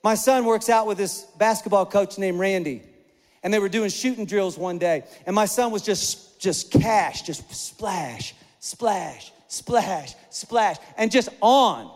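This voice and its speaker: A middle-aged man preaching a sermon, animated and conversational, with self-deprecating humor. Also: high-pitched, slow, in a large hall. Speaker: pastor.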